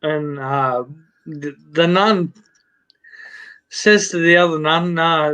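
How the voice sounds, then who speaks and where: Slow rambling man telling a joke. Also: fairly high pitch, pushed and bright, clear, resonant tone, rough recording. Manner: rambling, swears a lot, restarts often. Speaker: live stream host. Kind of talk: casual chat, telling a joke.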